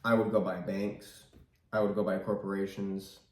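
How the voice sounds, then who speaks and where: A man's voice: low-pitched, level tone, normal speed, a little mellow, roomy sound, low-quality recording. A young man chatting casually beside his partner, laid-back and joking, with short answers. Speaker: vlogger's partner. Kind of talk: casual Q&A chat.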